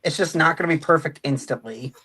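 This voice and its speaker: A man's voice: fairly high pitch, fast talker, bright, forceful tone, breathy edge, rough recording. A young man on a robotics team's live stream, chatting casually and trading dry, teasing jabs with his teammates. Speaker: robotics team member. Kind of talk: casual livestream chat.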